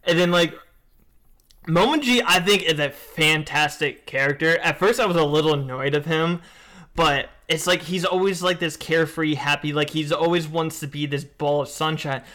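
A man's voice: a little high, normal speed, bright, forceful tone. Rambling, emotive young-sounding man. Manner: rambling, emotive, many fillers. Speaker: co-host. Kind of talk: casual anime review chat.

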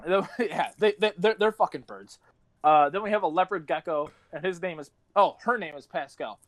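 A man's voice: high voice, moderate pace, no echo. A young man telling rambling stories on a casual podcast, swearing often and laughing between lines. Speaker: podcast host.

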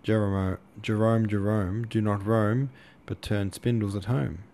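Sardonic male guest, voiced by a man, mocking, drawling, gravelly. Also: fairly low pitch, steady tone, unhurried, mellow, a little hiss or hum. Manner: mocking, slipping into French.

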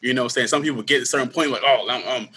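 A man's voice: medium pitch, steady tone, racing, sharp tone, slight background noise. A man talking candidly and earnestly about his own life in a casual conversation, full of slang. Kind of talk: casual conversation, personal storytelling.

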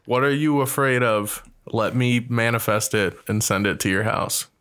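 Young guy podcast cohost, mid pitch, dry punny jokes. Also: normal speed, fairly bright tone, clear, resonant tone. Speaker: podcast co-host. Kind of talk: casual chat.

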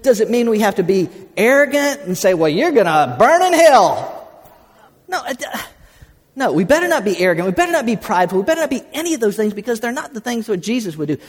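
A man's voice: sits high, a little mellow. A man preaching a sermon, telling folksy stories and calling on the congregation to answer back. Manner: folksy storytelling, calls congregation to respond. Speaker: pastor. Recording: reverberant sanctuary.

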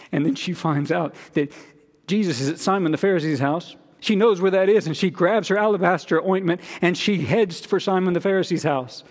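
Earnest preaching man in a reverberant hall. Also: high voice. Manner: earnest preaching, repeats key phrases for emphasis. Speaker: pastor. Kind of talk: sermon. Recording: long reverb of a large room.

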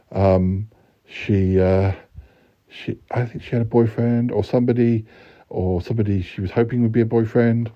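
A man's voice: on the low side, dull audio. A man hosting a podcast, reading his own rhyming poems with playful, hesitant asides between them. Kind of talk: poetry reading.

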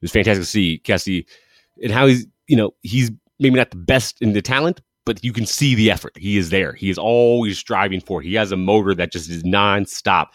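A man hosts a casual football show, his voice sitting a little low. He talks with eager enthusiasm, rambling and correcting himself as he goes. The sound is dry and close, with no room around it. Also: fairly quick, no echo. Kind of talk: casual sports commentary monologue.

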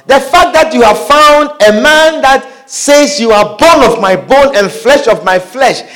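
Animated high-voiced male preacher. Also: a little slow. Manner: animated preaching with calls of hallelujah and amen; asks the congregation questions. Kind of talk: sermon.

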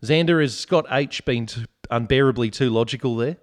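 A man's voice: mid-range voice, normal speed. An Australian man hosting a casual sports podcast, joking and reading out listener comments. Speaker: podcast host.

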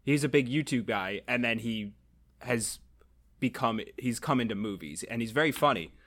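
A young man chatting casually, rambling and animated, laughing often. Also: medium pitch, normal speed. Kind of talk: casual chat.

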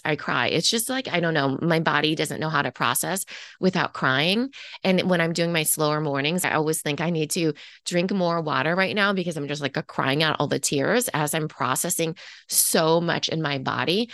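Woman, podcast business coach, casual chatty delivery, lowish voice. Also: no echo, clean studio sound. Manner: casual and conversational, lots of "like" and "okay". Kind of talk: guiding listeners through reflection prompts.

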